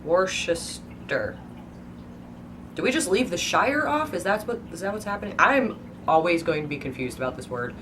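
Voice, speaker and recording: A woman's voice: fairly low pitch, lively intonation, fast, noisy background. A woman book vlogger rambling casually and playfully, stretching out words and exaggerating how they sound. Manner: hyper, playful, exaggerated pronunciations.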